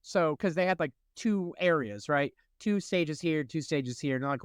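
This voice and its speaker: A man around forty, co-hosting a podcast, telling animated stories in casual chat with laughs. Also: on the high side, moderate pace, clear, resonant tone, no room sound, clean studio sound. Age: late 30s to early 40s. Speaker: podcast co-host.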